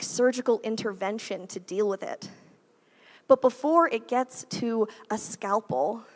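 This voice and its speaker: A woman in her thirties, a guest preacher giving a conversational sermon in a church, with frequent "like" and "right?" asides. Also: on the high side. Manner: chatty, uses "like" and "right?" often.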